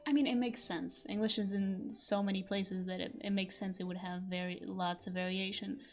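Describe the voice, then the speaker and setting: A woman's voice: mid-range voice, level tone, normal speed, a little mellow, soft background music. A young woman whose first language is Portuguese, chatting casually on a stream as a voice actor, rambling, laughing often and cursing freely.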